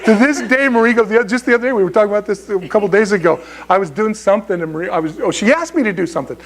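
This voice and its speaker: A man's voice: high voice, lively intonation, racing, fairly bright tone, slight background noise. A man preaching a sermon as pastor, in a conversational, joking way, often restarting his sentences. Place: church sanctuary.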